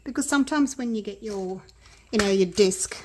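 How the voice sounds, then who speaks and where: A woman vlogging from her home craft studio, chatting excitedly and talking straight to her viewers. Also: mid-range voice, moderate pace, slight background noise. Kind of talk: casual vlog narration.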